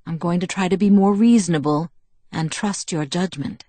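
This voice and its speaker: A woman reading the lines of a calm, protective young man in a soft, measured, reassuring way, recorded on a close studio mic. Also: lowish voice, no echo, close to an everyday voice. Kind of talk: audiobook dialogue reading.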